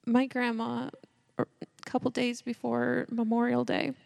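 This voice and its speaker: Emotional mother with a gravelly warm voice. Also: a little high, completely flat delivery, unhurried. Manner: earnest, heartfelt. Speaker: mother sharing a testimony. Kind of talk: church testimony.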